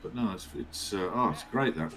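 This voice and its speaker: A man's voice: on the low side, normal speed, a bit bright, slight background noise. A man co-commentating a game livestream, chatty, joking and swearing freely.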